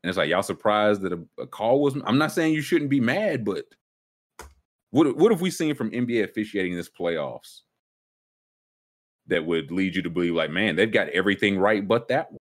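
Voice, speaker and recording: A man hosting a casual sports talk show, ranting emphatically with sudden jumps up in pitch. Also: very animated, moderate pace, pauses often. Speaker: sports podcast host.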